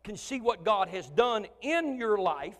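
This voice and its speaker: In a church sanctuary, a male pastor with a voice high for a man preaches unhurriedly, shifting from loud, animated passages to quiet, chatty asides. Long church-hall reverb hangs on the sound.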